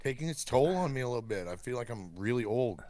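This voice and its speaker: A man's voice: mid-range voice, animated, fast talker, crowd noise. A man co-hosting a casual podcast, rambling easily with lots of fillers. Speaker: podcast co-host. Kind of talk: casual chat.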